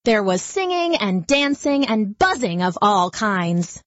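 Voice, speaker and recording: A woman narrating a children's story in a gentle, lively storytelling manner. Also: medium pitch, slow pace, no room sound, lo-fi sound.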